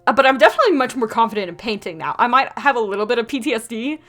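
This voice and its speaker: A young woman with a Southern US accent talks through a speedpaint in a chatty, animated way. Her voice sits a little high, and quiet music plays beneath it. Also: rapid-fire. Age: young adult. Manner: chatty, animated, quotes people in put-on voices. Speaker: artist vlogger. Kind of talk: casual storytelling over a speedpaint.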